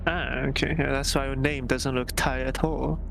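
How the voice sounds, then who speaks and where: A man's voice: medium pitch, level tone, moderate pace, creaky, noisy background. A man racing with friends, chatting in a blunt, wry, casual way. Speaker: fellow sim racer. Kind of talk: casual chat while sim racing.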